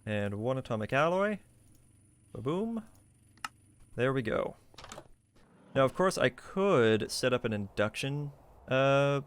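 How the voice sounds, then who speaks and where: A man's voice: mid-range voice, a little hiss or hum. Eager, chatty male game streamer. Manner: chatty, eager, thinks aloud while building. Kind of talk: live gameplay commentary. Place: hot room at home.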